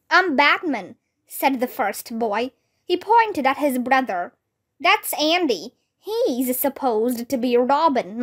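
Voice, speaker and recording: A woman with a Vietnamese accent reading a children's book aloud, slowly and carefully, giving the kids' dialogue some life. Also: high-pitched. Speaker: reader.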